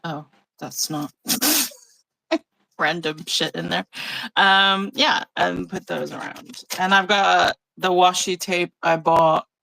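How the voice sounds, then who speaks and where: A woman hosting a casual live craft session over a video call, chatty and relaxed, laughing often. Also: lowish voice, slow, gravelly, poor audio. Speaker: craft channel host. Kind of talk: casual live-stream chat while journaling. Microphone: phone or tablet mic over a video call.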